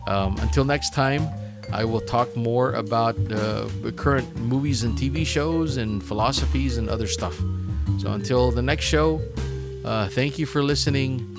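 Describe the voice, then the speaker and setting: A man's voice: medium pitch, normal speed, gravelly, over music. A man hosting his own podcast, rambling through a casual sign-off with lots of fillers and self-mocking asides, his voice worn out after a long session. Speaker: podcast host.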